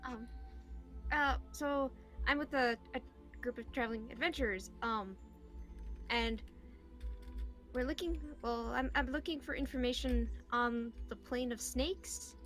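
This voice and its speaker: A woman player in a tabletop game speaking hesitantly and softly. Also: fairly high pitch, a little slow, soft background music. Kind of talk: casual tabletop play.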